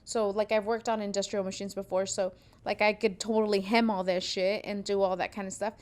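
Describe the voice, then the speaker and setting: A woman's voice: medium pitch, flat delivery, a little fast. A young woman hosting a podcast from a sewing studio, telling a story in a casual, profane way and acting out what people said. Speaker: podcast host, seamstress.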